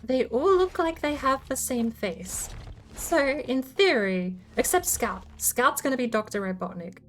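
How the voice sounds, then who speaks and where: High-voiced woman streamer thinking aloud. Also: expressive, measured pace, slight background noise. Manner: thinks aloud, explaining game build ideas. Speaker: streamer host. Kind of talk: casual livestream chat.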